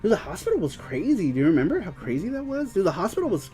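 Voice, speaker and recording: A man's voice: high-pitched, sing-song, racing, dark tone, faint music behind. A young man co-hosting a casual show who keeps breaking into fits of giggling. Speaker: podcast co-host. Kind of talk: casual chat.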